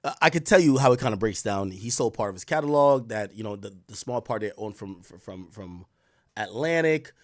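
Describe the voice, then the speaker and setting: A young man hosting a show, telling a story to viewers in a casual, profane and slangy way, with loud exclaims and quiet asides. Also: on the low side, expressive, normal speed, dry recording, studio quality. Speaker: show host.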